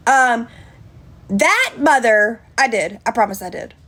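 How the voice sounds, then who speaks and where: A woman's voice: fairly high pitch, lively intonation, slow pace, fairly bright tone. A woman chatting on a livestream, indignant, thanking viewers by name. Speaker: livestream host. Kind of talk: casual livestream chat.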